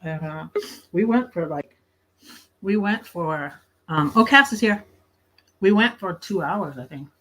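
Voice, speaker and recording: Bright-voiced woman chatting from bed. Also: fairly low pitch, animated, measured pace, long pauses. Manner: chatty, laughs often, talks while snacking. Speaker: livestream host. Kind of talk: casual late-night livestream chat. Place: in her bed at home.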